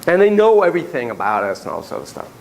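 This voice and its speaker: A male spirit speaking through a hypnotized man, all put-on Irish brogue and bright pitch leaps, with a touch of incredulous theater. A man does the voice, raising it well above his usual pitch. The room behind it has a faint hiss. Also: huge pitch swings, very fast, creaky, exaggerated voice, rough recording. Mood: earnest.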